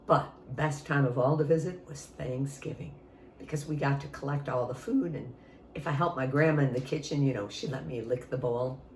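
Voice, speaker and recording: A woman music teacher telling a story to children, expressive and playful, asking her listeners questions. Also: rumbling low, normal speed, a little hiss or hum. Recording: echoey room.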